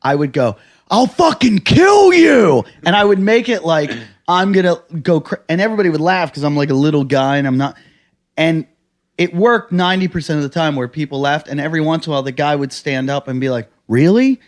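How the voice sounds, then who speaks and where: Animated American man telling a wild story. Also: a little high, fast talker. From United States. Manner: animated storyteller, shouts quoted lines, swears a lot. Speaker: podcast host, stand-up comedian. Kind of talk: casual storytelling chat.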